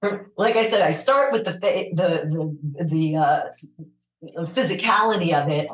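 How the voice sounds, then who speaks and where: Low raspy New York woman, animated. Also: roomy sound, poor audio. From New York City. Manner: animated, laughs often, quick asides. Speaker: voiceover actor, guest. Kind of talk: casual interview chat.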